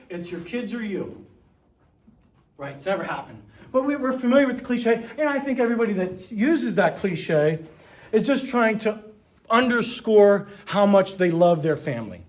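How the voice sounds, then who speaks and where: A man's voice: sits high, rough recording. A middle-aged man giving a casual, conversational talk to a men's church group, often asking "right?" and restarting his sentences. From Pennsylvania. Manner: informal, frequent "right?" and "um", self-restarts. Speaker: guest speaker at a men's church gathering. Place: church meeting room.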